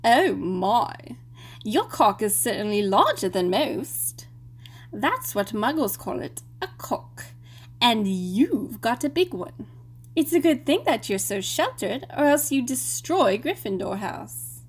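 A woman's voice: a little high, very animated, husky, full character voice. A woman playing a teasing young student witch.

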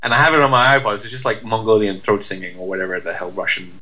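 A man co-hosting a loose, chatty conversation. His voice is bright and forward, sitting a little low for a man. He wanders through his points with fillers and restarts and pokes fun at himself. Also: steady tone, rapid-fire, poor audio. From United Kingdom. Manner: rambling, self-deprecating, lots of fillers and restarts. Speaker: podcast co-host. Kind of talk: casual chat.

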